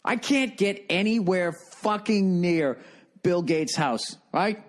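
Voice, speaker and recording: A man's voice: sits high, animated, takes it slowly. A man hosting a comedy podcast, ranting in a profane, rambling monologue. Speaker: podcast host.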